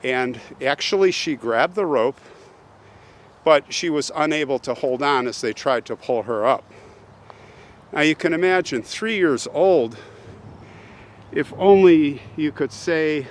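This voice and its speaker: Slow-talking man storytelling outdoors. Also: on the high side, animated. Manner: slow, earnest retelling with pauses and restarts. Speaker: host. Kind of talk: outdoor cemetery vlog storytelling. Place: outdoors at a cemetery. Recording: faint outdoor background noise.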